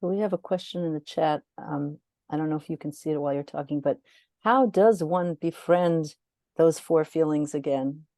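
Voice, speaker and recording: An interview host reads out a question from the chat with a mellow, relaxed tone. Between answers this voice offers brief, encouraging murmurs of agreement. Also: medium pitch, moderate pace. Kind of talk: reading viewer questions.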